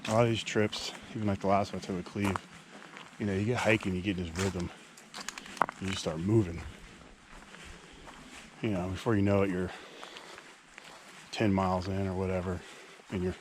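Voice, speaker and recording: With a low voice at normal speed, pausing often, this thirty-something hiker narrates his vlog while walking a wooded trail. He's easygoing and talkative, filling his speech with fillers, as wind and nature noises play behind him.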